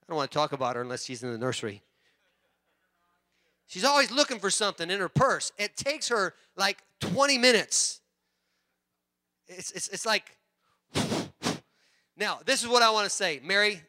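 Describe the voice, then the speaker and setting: A man pastor preaching a sermon in church, animated and joking with the congregation. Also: high-pitched, fairly quick, long pauses. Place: church sanctuary.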